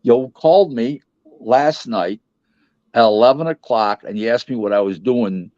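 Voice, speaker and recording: A man who works as a boxing advisor, telling a casual anecdote in an animated way and stumbling through restarts. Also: mid-range voice, measured pace, dry recording. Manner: animated storyteller, restarts and acts out other people's voices. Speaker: boxing advisor and interview guest. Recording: dull lo-fi, dry audio.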